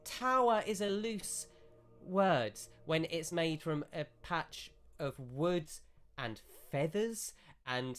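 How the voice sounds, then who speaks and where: Rambling game master. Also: male voice, fairly high pitch, a bit bright. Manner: rambling, self-correcting descriptions. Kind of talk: narrating a tabletop game.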